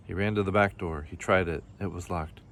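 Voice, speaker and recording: A man reading a children's picture book aloud in a gentle, expressive way. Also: low voice, fairly quick, creaky. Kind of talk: storybook read-aloud.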